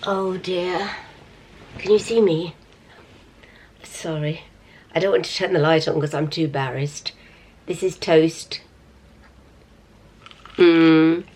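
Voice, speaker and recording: In a casual cooking vlog shot in her home kitchen, a middle-aged woman chats enthusiastically and self-deprecatingly about her food. Her voice sits low with a darkish tone, unhurried and full of pauses. The camera sound is roomy and distant, with a faint hum in the background.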